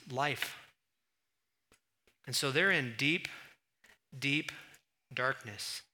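A man preaching a sermon in an animated, emphatic way, full of rhetorical questions. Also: fairly high pitch. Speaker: pastor.

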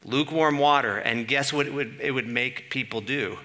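A man preaching a sermon in an animated way, asking the room questions and building to emphatic peaks. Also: medium pitch, normal speed.

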